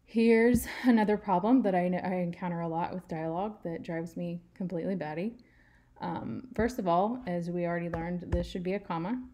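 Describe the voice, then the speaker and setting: A woman's voice: on the low side, moderate pace, warm tone. A woman teaching writing in a tutorial, patient and step by step, leaning on key words for emphasis. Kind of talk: screen-share writing tutorial.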